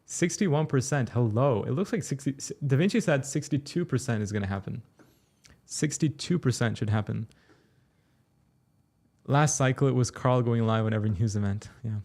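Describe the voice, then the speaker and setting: A young man from Turkey hosting a casual crypto livestream, reading chat questions aloud and answering them in a relaxed, chatty way. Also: mid-range voice, moderate pace. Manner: relaxed, chatty, explains step by step.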